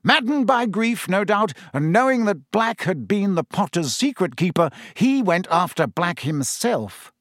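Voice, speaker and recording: A man's voice: high voice, sing-song, a little slow, hardly any pauses, fairly bright tone, dry recording, clean studio sound, pitched above the performer's own voice, heavily acted. Self-important official, middle-aged man read by the narrator, pompous, slightly raised voice. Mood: grave.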